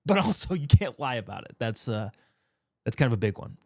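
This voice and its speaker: A man's voice: medium pitch, big pitch swings, brisk, no room sound, studio quality. A man giving casual commentary on news, rambling and going off on tangents. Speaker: political commentator.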